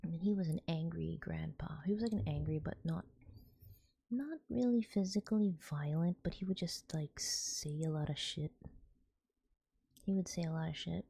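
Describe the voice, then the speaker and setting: Lady streamer whispering asmr story, gravelly dark voice, rambles. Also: sits low, normal speed. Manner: soft whispering, rambling with restarts.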